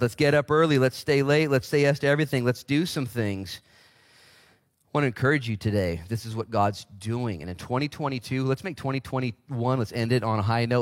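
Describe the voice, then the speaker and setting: Man, 40s, pastor, lively casual sermon, big pitch swings, dry sound. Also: dry recording. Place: church.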